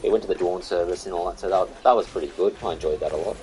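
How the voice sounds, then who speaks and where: A man's voice: low-pitched, very fast, darkish tone, slight background noise, low-quality recording. A young Australian man chatting casually with viewers on a live game stream, greeting them by name and calling them mate and buddy.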